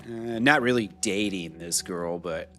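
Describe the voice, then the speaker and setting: A man's voice: low voice, unhurried, bright, forceful tone. An American man, probably in his thirties, chatting casually and profanely on a live game stream, laughing often between rambling stories. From United States. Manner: swearing, laughing, rambling asides. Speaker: gaming streamer. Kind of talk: casual live-stream chat while playing.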